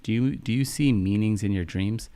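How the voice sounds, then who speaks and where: A young man hosting a live-stream podcast, calm and soft-spoken, chatting with viewers in an unhurried way. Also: on the low side, clear, resonant tone, no echo. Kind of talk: casual live-stream chat, answering viewer questions.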